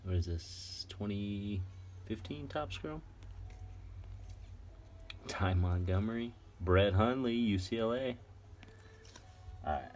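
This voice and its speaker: A man casually chatting while going through a box of trading cards, excitedly rattling off names. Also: fairly low pitch, takes it slowly, pauses often, slight background noise. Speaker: card collector vlogger. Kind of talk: casual unboxing chat.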